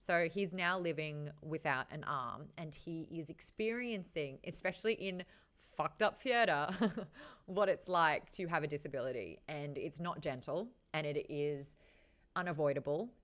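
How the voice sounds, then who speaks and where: Woman host talking books with her chat, kinda low voice, swears casually. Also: unhurried, a bit bright. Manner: chatty and frank, swears casually. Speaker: host of a book chat show. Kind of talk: casual book discussion with a live chat.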